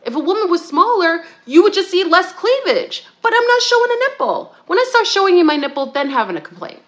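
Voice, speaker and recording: A woman hosting a talk show, ranting heatedly and rambling, with restarts and high-pitched outbursts. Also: big pitch swings, a little fast, fairly bright tone. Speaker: podcast co-host. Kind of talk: ranting monologue.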